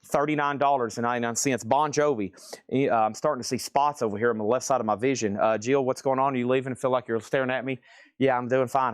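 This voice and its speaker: A man running a live online record sale and auction, calling out titles and prices in quick bursts with frequent exclamations of surprise. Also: mid-range voice, no echo, studio quality. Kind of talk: live online sales stream.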